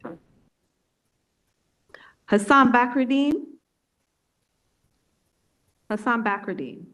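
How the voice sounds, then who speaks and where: A woman with a New York accent chairing a public board meeting, reading out a roll call slowly and deliberately. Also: on the high side, lively intonation, a bit bright, poor audio. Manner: slow, deliberate name-reading.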